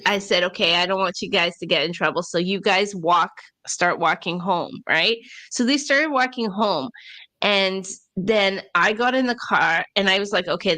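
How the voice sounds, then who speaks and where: A woman co-hosting a podcast, telling a story in a casual, animated way with laughs and acted-out quotes. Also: medium pitch. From Ontario, Canada. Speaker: podcast co-host.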